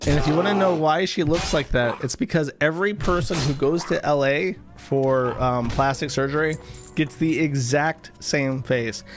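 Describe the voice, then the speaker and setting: An American man with a slightly high voice reads viewer donations aloud at a moderate pace during a casual live stream, music in the background. His remarks are wry and offhand, with the occasional chuckling aside.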